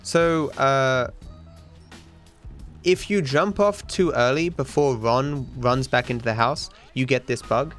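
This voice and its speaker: This man has a mid-range, somewhat bright voice and speaks slowly over soft background music. He's a young Australian in his twenties who speedruns on stream, rambling, swearing freely, and chatting casually with his viewers.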